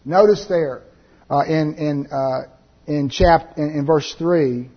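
A man preaching a Bible teaching sermon, reading scripture aloud slowly and then explaining it with many filler sounds. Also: on the high side, slightly rough, lo-fi sound.

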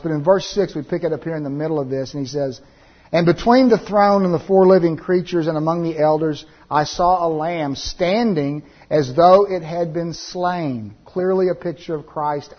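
Husky man teaching scripture, lo-fi. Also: a little high. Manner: reads scripture aloud slowly, then explains with many "uh" fillers. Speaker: preacher. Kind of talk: Bible teaching sermon.

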